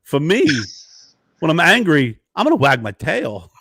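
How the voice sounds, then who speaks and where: A man doing an impression of an eccentric older actor, with halting pauses and strange deadpan logic. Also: a little high, slightly rough, no echo, studio quality, pitched above the performer's own voice, full character voice. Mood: bizarre deadpan.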